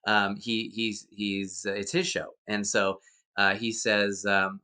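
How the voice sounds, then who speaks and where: Low, bright-toned man telling a story. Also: level tone, takes it slowly, clean tone. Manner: rambling, with many fillers and self-corrections. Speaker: guest actor. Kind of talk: casual interview storytelling.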